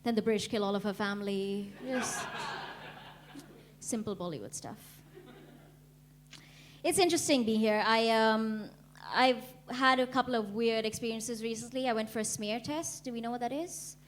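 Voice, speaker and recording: A woman's voice: on the high side, normal speed, a little hiss or hum. Young Indian-born woman doing stand-up. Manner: deadpan, laughs at her own jokes. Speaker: stand-up comedian. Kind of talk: stand-up comedy set. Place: comedy club stage.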